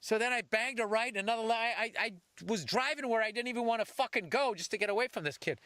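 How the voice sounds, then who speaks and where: A man with a high, bright voice tells a profane story, his pitch swinging widely as he talks. He sounds close and dry, and he swears freely. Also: fast talker, smooth, no room sound. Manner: animated, swears constantly, acts out voices. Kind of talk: casual profane anecdote.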